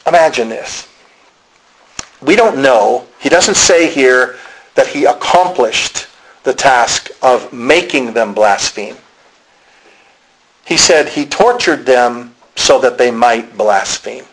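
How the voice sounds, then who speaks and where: A man's voice: medium pitch, expressive, takes it slowly, breathy edge, rough recording. A man with a Pennsylvania accent preaching a sermon, telling the story dramatically and acting out the voices of the people he quotes. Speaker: pastor.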